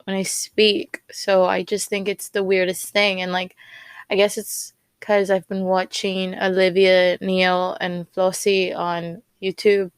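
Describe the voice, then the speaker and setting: A woman's voice: mid-range voice, monotone, slow, clean tone, dry recording. A young woman hosting a casual solo podcast, rambling with many fillers and repeated words. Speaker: podcast host.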